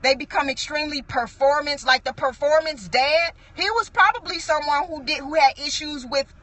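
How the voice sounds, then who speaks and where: A middle-aged woman, an apostle, preaches a sermon in an earnest, conversational style, full of restarts and asides. Her high-pitched voice is a bit bright and moves at a moderate pace.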